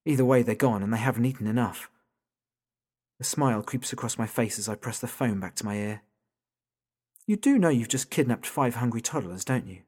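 A man's voice: animated, fairly quick, darkish tone, husky. Tense man narrating a thriller. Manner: tense and rising, pitch jumping up in panic on questions. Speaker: narrator, father of small children. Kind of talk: first-person audiobook narration.

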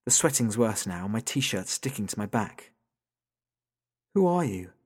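A man's voice: big pitch swings, unhurried, darkish tone, husky. A man reading a first-person audiobook story as a frightened father, his voice climbing sharply when he asks questions. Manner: tense and rising, pitch jumping up in panic on questions. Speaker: narrator, father of small children.

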